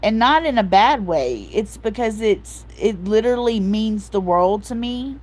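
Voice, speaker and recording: A woman in her forties talks slowly and openly to her live chat, leaning on "like" and "um" as she goes. She comes across as soft-hearted and emotional, and now and then she stops to read out and answer a viewer's comment. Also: mid-range voice, expressive. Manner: repeats herself, fillers like "like" and "um". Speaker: livestream host. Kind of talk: casual live-chat talk.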